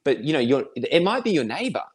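A man's voice: fairly high pitch, big pitch swings, fairly quick, slight background noise. An Australian man, a guest in a casual interview, talking in a rambling, friendly way and chuckling often.

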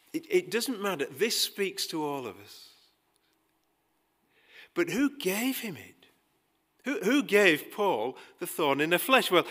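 A man preaching a sermon, emphatic, rising to loud pleading passages and dropping quiet again. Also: on the high side. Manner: acts out quoted dialogue with dry humor.

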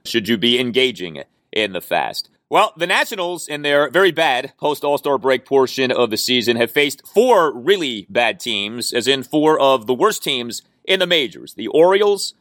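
A man's voice: medium pitch, very animated, moderate pace, a bit bright, no room sound. Sports podcast host, male, emphatic and opinionated, dry close studio sound. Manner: emphatic, opinionated, stats-heavy. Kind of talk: sports talk podcast monologue.

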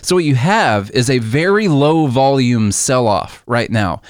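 A man's voice: mid-range voice, expressive, unhurried, clean tone, no room sound, studio quality. A man co-hosting a casual podcast chat, patiently explaining how the stock market works with everyday comparisons.

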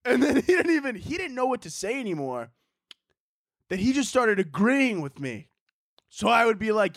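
A man's voice: high voice, normal speed, no echo, clean studio sound. A young man from Chicago telling a story on his solo podcast, swearing freely and acting out everyone in it. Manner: animated, profane, acts out the people in his stories. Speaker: podcast host.

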